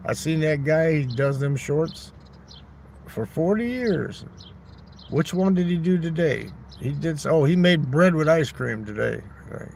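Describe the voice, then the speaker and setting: This livestream host has a slightly high, creaky voice with a darkish tone, expressive and unhurried. Outdoors in a neighborhood park, he rambles into his phone, cracking crude jokes and answering chat over slight background noise.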